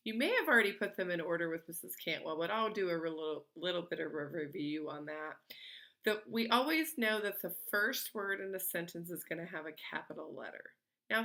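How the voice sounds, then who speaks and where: Bright-voiced patient woman teacher. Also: lowish voice. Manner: patient, encouraging, slow and clear. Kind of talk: remote early-grade lesson. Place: home.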